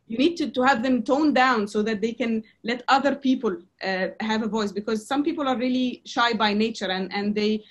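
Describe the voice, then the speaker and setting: A woman lecturing a class on presentation skills, her voice sitting a little high. She speaks haltingly, with frequent fillers and restarts.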